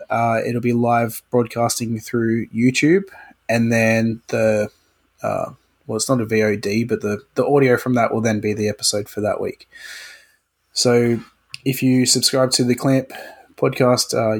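A man co-hosting a podcast, making casual announcements in a husky voice. He talks in a relaxed way, with the odd um along the way. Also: medium pitch. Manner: relaxed, runs announcements with fillers. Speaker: podcast co-host.

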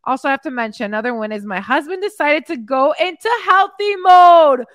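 A woman's voice: sits high, expressive, a little fast, a bit bright, no room sound, studio quality. A woman fitness coach on a live stream, reading out her clients' wins, cheering them on and getting emotional. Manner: upbeat cheerleading, hyping people up; emotional, heart on her sleeve. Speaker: fitness coach and podcast host. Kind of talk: live stream chat, reading viewer comments. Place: home in Mexico.

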